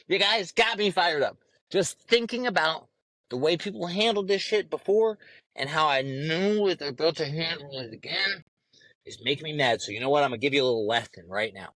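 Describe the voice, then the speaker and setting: A man's voice: a little high, fairly bright tone, dry recording. A man hosting a podcast, delivering a heated, profane monologue and lecturing his listeners. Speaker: podcast host.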